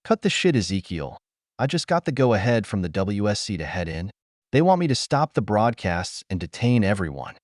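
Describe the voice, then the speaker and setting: A man's voice: lowish voice, big pitch swings, moderate pace, a little mellow, no room sound, clean studio sound. A man voicing an impatient agent on a call who talks in a curt, urgent way.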